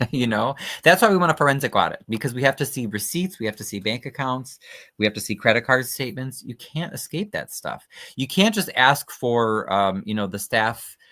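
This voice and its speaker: A man's voice: mid-range voice, animated, moderate pace, sharp tone. A man hosting a casual livestream, commenting skeptically and chattily on documents he reads aloud, with frequent fillers. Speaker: livestream host.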